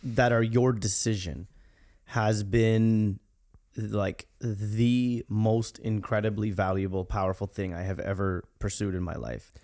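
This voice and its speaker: A man's voice: lowish voice, steady tone, unhurried, a little mellow. A man hosting a podcast, talking in an earnest, reflective way with frequent restarts. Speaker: podcast host. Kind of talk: casual podcast conversation.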